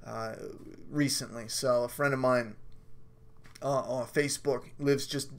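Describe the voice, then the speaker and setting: A man's voice: mid-range voice, fairly even intonation, a little slow. Profane, rambling male live-stream host. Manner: rambling, profane and self-mocking. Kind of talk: casual live review chat. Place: at home during a storm.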